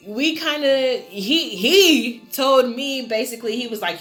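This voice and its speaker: A woman's voice: fairly high pitch, animated, a little slow, faint music behind. Chatty young woman telling a story. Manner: chatty, emotional, many fillers, rising to loud exclamations. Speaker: vlogger. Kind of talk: casual storytime chat.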